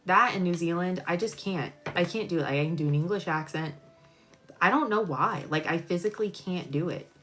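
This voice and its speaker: A woman doing a live-stream tarot reading, chatty and expressive, jumping from excited squeals to low murmurs as she talks to her viewers. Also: a little fast, over music. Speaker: tarot reader.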